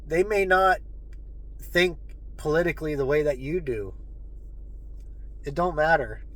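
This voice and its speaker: A man's voice: fairly high pitch, unhurried, fairly bright tone, low-quality recording. A man hosting his own channel, speaking earnestly and repeatedly calling his listeners folks, at times choked up with emotion. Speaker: host. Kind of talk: heartfelt monologue to viewers.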